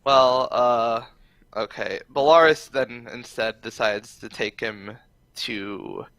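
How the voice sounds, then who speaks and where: Bright-voiced man playing a tabletop game. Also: mid-range voice, slow pace, no room sound. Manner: relaxed, stop-start planning. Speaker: player. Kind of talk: casual tabletop play.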